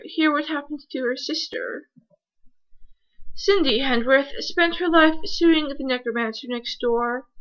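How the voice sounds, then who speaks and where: A woman's voice: high voice, fairly bright tone. A woman reading a short story aloud, narrating dryly and voicing each character. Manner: voices each character, dry wry narration. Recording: dull lo-fi recording.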